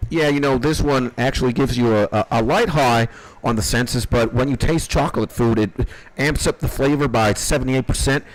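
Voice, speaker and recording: A man's voice: medium pitch, normal speed, no echo, natural voice, rough recording. A man voicing his friend, an eager young weed connoisseur who rattles off a chatty, technical sales spiel.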